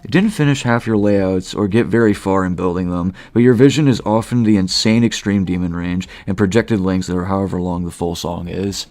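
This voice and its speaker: A man's voice: low voice, fairly quick, hardly any pauses, a little mellow, soft background music. A man giving casual, opinionated gaming commentary, rambling and peppering his talk with fillers. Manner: opinionated, rambling, heavy use of "like". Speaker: gaming video creator.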